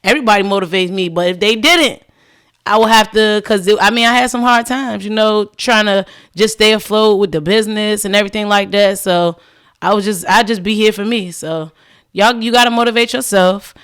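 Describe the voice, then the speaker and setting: A cleaning business owner appears as a podcast guest, chatting easily in a middle-pitched voice that sounds brisk and smooth. She tells her story with real animation, often acting out the dialogue of the people in it, with "like" scattered all through her speech.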